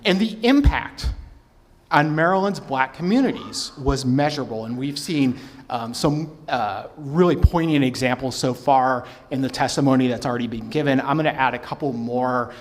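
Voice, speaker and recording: Measured man giving a formal hall talk. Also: medium pitch, slight background noise. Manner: measured, quotes sources aloud. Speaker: historian giving testimony. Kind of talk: formal public talk with read quotations. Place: public hearing hall. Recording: reverberant hall.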